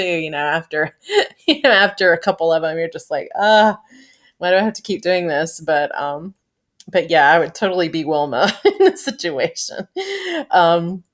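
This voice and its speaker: A woman who works as a teacher, chatting casually through a TV episode review, laughing often and filling pauses with "um". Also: sits low. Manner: chatty, giggly, full of fillers and laughs.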